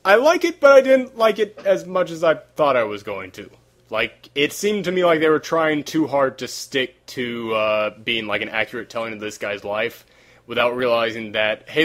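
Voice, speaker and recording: A man's voice: medium pitch, fairly bright tone. A man hosting a casual podcast, worn out with a sore voice, rambling and searching for words. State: tired, sore voice. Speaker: podcast host. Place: hot room without air conditioning.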